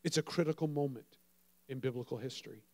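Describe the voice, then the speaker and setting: A man preaching a sermon, telling a story with dramatic swings between loud and soft and acting out the voices he quotes. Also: mid-range voice, quick pace. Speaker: pastor.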